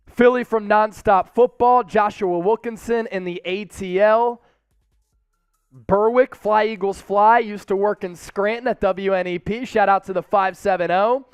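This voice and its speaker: A young man hosting a live sports watch party stream from a studio, energetic and hyping up viewers with shout-outs. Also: high voice, smooth, dry recording. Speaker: sports show host.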